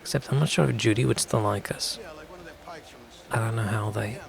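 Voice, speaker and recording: A man's voice: lowish voice, steady tone, moderate pace, creaky. A man casually commenting while playing a video game on stream, rambling and answering chat.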